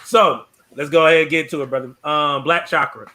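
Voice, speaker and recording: A man's voice: on the high side, steady tone, brisk, pushed and bright, a little hiss or hum. A man, a military veteran, hosting a casual interview, hesitant and full of fillers.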